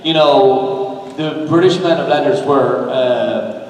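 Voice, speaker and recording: A man, an actor on a fan convention panel, talking casually in a halting, rambling way with many fillers. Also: mid-range voice, a little mellow. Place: large convention hall. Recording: echoey hall, distant fan recording, crowd noise. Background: audience murmur and hall noise.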